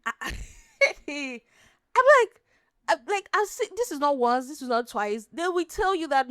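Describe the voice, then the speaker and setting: A Nigerian woman hosting a podcast, chatting casually as an animated, laughing storyteller. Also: sits high, a little slow, no room sound, studio quality. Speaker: podcast host. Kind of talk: casual chat.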